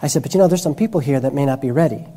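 A male preacher delivers a sermon in a warm, mellow voice. He talks in a storytelling way, often restarting and correcting himself mid-sentence as he goes. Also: medium pitch, racing.

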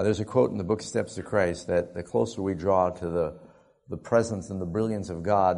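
A male preacher telling a story in a sermon, animated and often laughing as he talks. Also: low voice, vocal fry.

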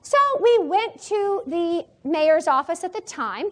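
A woman's voice: very high voice, lively intonation, slow pace. A woman giving an emphatic church training talk, repeating key phrases for stress. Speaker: church seminar presenter.

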